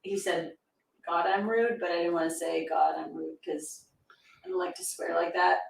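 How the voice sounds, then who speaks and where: A woman's voice: on the low side, steady tone, normal speed, vocal fry, distant mic, slight background noise. A woman co-hosting a livestream, reading out viewer messages and teasing her partner playfully. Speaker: co-host reading super chats. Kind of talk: casual livestream chat. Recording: roomy echo, set back from the mic.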